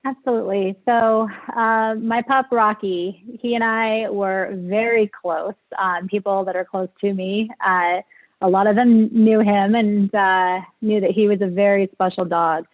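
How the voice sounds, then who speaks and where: A woman's voice: medium pitch, steady tone, unhurried. A woman guest telling a personal story in an interview, hesitant and emotional, with many fillers. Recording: tinny phone-like line.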